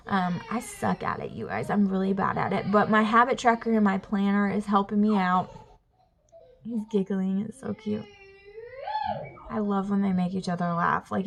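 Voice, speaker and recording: A woman's voice: medium pitch, a little hiss or hum. A young woman from the US South with a Southern drawl, chatting casually to camera at home in a rambling way, full of fillers and "y'all". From Alabama, US South. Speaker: family vlogger. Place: family home.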